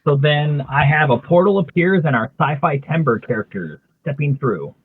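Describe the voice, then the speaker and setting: A man's voice: on the high side, moderate pace, husky. Man retelling a comic, tinny phone line. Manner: relaxed storyteller, lightly acting out characters' lines. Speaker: artist co-host. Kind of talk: casual chat, reading out comic dialogue. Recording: tinny phone-like dry sound.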